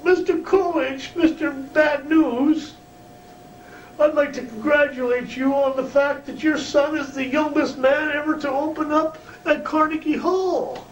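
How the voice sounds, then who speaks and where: A man voicing a naive, eager young male wrestler who gushes in a squeaky voice. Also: steady tone, measured pace. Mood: fawning. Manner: squeaky, gushing. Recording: roomy distant mic, faint hum.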